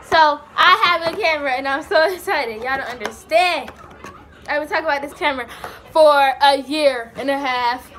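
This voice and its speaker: A young woman, chatting excitedly and breathlessly in a casual vlog. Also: sits high, moderate pace. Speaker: vlogger.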